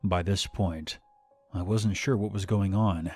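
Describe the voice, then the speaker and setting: A man narrating a scripted horror story in a steady, measured way. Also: deep voice, faint music behind.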